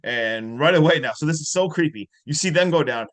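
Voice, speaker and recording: A man with a slightly high voice recaps a horror film on a casual podcast. He talks in an excitable, animated way and keeps saying "like" as he walks through each scene. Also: fairly quick, few pauses. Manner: excitable, animated retelling with lots of "like". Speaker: podcast co-host. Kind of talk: casual movie review chat.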